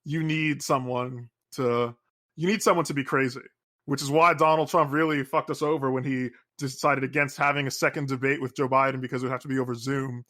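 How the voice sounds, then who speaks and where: A man's voice: mid-range voice, fairly even intonation, a little fast, a bit bright. A man co-hosting a podcast, chatting casually about politics with dry humor and lots of filler words. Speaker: podcast co-host.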